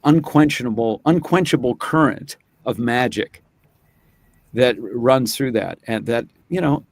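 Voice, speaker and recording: A man's voice: mid-range voice, unhurried, dry recording. A man, a voice actor guest, talking in a thoughtful, reflective way and often restarting his phrases. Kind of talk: casual chat.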